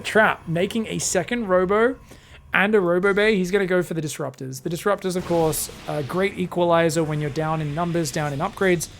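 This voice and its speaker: Young male solo caster calling a pro match; raised pitch, gravelly edge, loose and profane. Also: a little hiss or hum. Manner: animated, swears freely, drifts into rambling stories. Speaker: esports caster. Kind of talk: solo live game commentary.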